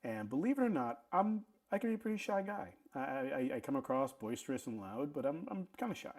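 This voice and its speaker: A middle-aged man telling a casual story, animated, often stammering and restarting his sentences. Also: fairly high pitch, fairly quick. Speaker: vlog host telling a story.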